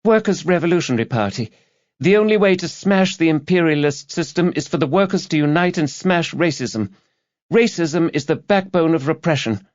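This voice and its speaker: A man's voice: lively intonation, moderate pace, no room sound, natural voice. A man voicing a strident, preachy young female student activist, 18 or 19, in a reading on dull, dry lo-fi audio. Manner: shrill, preachy slogan-chanting.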